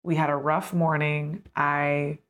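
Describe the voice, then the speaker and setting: Lively lower-voiced woman host. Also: takes it slowly. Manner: animated, laughing, frequent fillers and restarts. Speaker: podcast host. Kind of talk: casual conversational storytelling.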